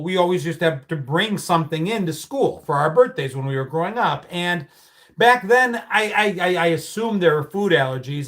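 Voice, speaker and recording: With a slightly high, somewhat bright voice, this middle-aged livestream host from the United States reads viewer comments aloud and spins childhood stories in a loose, profanity-laced, storytelling style.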